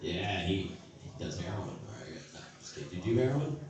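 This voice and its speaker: A man with a deep, sing-song, slightly mellow voice and a brisk pace does a loose, rambling open-mic stand-up set on a comedy stage. His jokes are crude and self-mocking, and the recording sounds echoey and distant.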